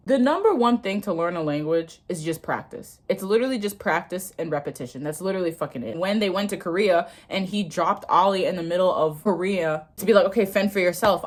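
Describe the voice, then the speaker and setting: A young woman in her twenties from the United States, chatting casually and reading a lesson aloud while learning a language, swearing freely and laughing often. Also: fairly low pitch. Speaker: vlogger learning Korean. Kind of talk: casual study vlog.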